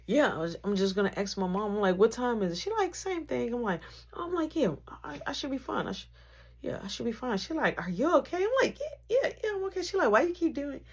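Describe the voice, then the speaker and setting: Husky woman telling a story animatedly. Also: a little high. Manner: lively, acts out every character in the story, swings from hushed to loud.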